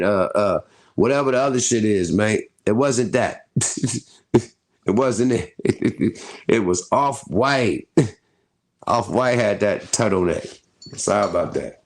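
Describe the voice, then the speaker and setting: Gravelly-voiced man riffing loosely. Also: lowish voice. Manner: laughing, loose, slangy riffing. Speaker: host. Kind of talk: casual commentary.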